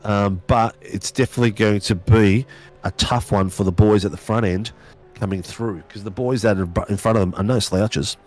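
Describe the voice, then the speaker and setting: A man's voice: lowish voice, steady tone, normal speed, a little mellow, soft background music. A man commentating a sim racing broadcast, chatty and laughing, full of slangy banter. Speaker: race commentator.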